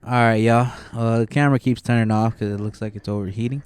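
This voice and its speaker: A man's voice: medium pitch, steady tone, quick pace, darkish tone, clean tone. Young man rambling slangy stories. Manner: slangy, rambling storytelling, heavy on fillers. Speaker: podcast co-host. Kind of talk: casual chat. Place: outdoor patio in the sun.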